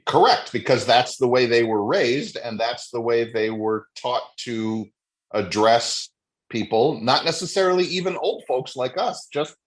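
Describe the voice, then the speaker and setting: A middle-aged man of medium pitch whose voice rises and falls a lot as he talks. He chats easily on a podcast and keeps saying words like "interesting" and "funny." He sounds relaxed and conversational. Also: unhurried. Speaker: podcast co-host. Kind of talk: casual chat.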